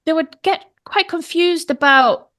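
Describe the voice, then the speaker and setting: A woman's voice: extremely high pitch, measured pace. A woman in her thirties with a British English accent, a pronunciation teacher telling stories as a guest in a casual conversation, laughing often and acting out what people said. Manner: animated storytelling, laughs often, acts out quotes.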